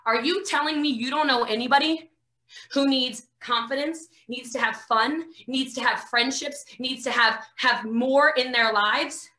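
A woman's voice: high voice, measured pace, pushed and bright, pitched below the performer's own voice. A woman putting on her caring, pushy female business mentor, who coaxes and teases. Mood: coaxing. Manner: coaxing, teasing. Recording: roomy echo.

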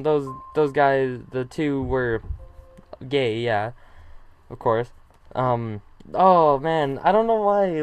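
A man giving casual reaction commentary on an animated short, emotional and gushing, laughing often. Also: medium pitch, smooth, no echo.

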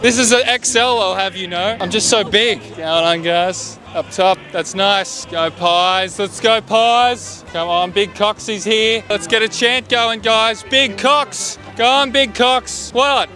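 Man doing a high-voiced, boastful American footballer, brash and self-promoting, put-on American accent, outdoors with music behind. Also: steady tone, slow pace, hardly any pauses, bright, forceful tone, exaggerated voice. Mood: cocky. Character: impression of a tall American footballer, cocky and boastful. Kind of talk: street prank comedy. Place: outdoors at a busy urban football venue.

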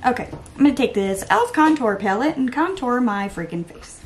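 A young woman talks her way through a makeup routine at home, her pitch sitting a little high and leaping all over as she gets hyper. She rambles, loses her thread and laughs at herself, with a faint hiss of room noise under her voice. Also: measured pace, pauses often. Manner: rambling and self-mocking, laughs often; excitable, hyper. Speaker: beauty vlogger. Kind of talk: chatty get-ready-with-me vlog.

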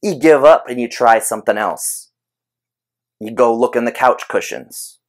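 A man giving an informal explanatory talk on behavior training, conversational and animated, using everyday examples. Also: medium pitch, measured pace. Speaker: behavior analysis educator.

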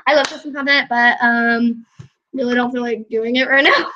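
Young female gameplay narrator, high and bright tone, unhurried and giggly. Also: steady tone, dull audio. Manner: giggly, chatty, often laughing. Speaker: gameplay vlogger. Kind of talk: casual gameplay commentary.

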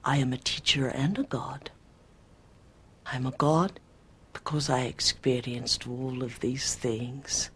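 A woman's voice: a bass voice, fairly even intonation, slightly rough, voice pushed down, heavily acted. A woman channeling an ancient male spirit with a put-on British accent. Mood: solemn. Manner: slow, archaic, declaiming. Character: ancient male warrior spirit, grand and solemn. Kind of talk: trance channeling performance.

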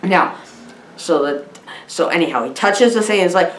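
A woman's voice: lowish voice, animated, normal speed. A woman doing a silly, rambling comedic movie review, giggling and scatterbrained. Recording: roomy echo.

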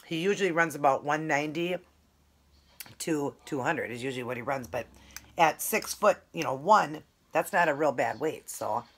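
A woman's voice: deep voice, animated, moderate pace, a bit bright. A woman chatting casually in a food vlog, talking in a rambling, affectionate way while eating. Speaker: keto food vlogger.

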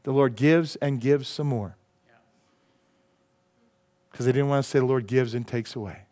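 A male pastor preaching a sermon in a church, rising to loud emphatic peaks and dropping to quiet, earnest lines. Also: medium pitch. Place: church sanctuary.

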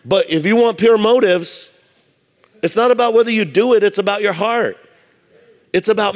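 Animated storytelling pastor in a reverberant hall. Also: male voice, high-pitched, normal speed, pauses often. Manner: animated storytelling, acts out quoted voices. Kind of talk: sermon. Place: church sanctuary.

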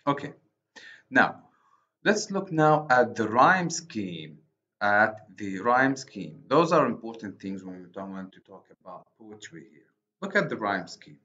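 A man with an Arabic accent giving a recorded university lecture on poetry, speaking haltingly and correcting himself often. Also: on the low side, big pitch swings, bright, forceful tone. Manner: slow, halting, many restarts and self-corrections. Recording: dull lo-fi recording.

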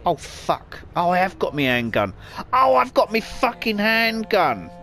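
A male gamer gives frantic let's play commentary, swearing a lot and apologizing over and over, with game music and car noise behind him. His voice sits high and is bright and forceful, with big pitch swings at an unhurried pace.

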